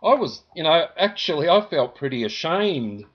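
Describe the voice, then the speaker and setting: A man's voice: a little high, big pitch swings, normal speed, highs cut off. A man from Australia with an Australian accent, rambling indignantly to camera about a complaint, with lots of "you know" fillers. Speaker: vlogger.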